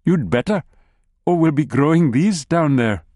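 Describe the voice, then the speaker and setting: A man voicing a brisk, bossy wife who chides her husband in a bright, teasing way. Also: low voice, animated, no room sound, clean studio sound, voice pushed up. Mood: scolding. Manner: bright, chiding.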